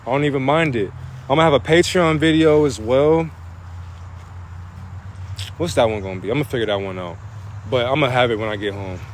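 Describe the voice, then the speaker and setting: A man's voice: mid-range voice, brisk, pauses often, a little hiss or hum. A man delivering a rambling, profane spiritual monologue into his phone, preaching in a casual way. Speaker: spiritual vlogger.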